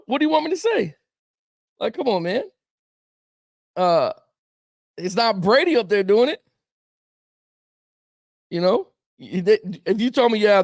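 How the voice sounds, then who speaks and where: A man hosting a laid-back sports talk stream, riffing on viewer comments and chuckling as he goes. His voice sits high with a gravelly rasp, recorded dry and close. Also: a little mellow, no room sound. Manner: rambling, reacting to viewer comments with chuckles, lots of "man" and "bro". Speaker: sports talk show host. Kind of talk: casual sports talk livestream.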